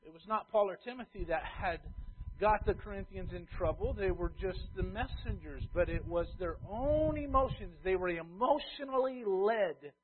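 A man preaching a sermon as a pastor, emphatic, swinging between loud stress and quiet asides. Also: high voice, animated, moderate pace. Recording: tinny phone-like sound.

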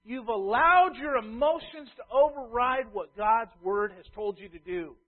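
A man preaching a sermon as a pastor, emphatic, swinging between loud stress and quiet asides. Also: very high-pitched, measured pace. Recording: tinny phone-like sound.

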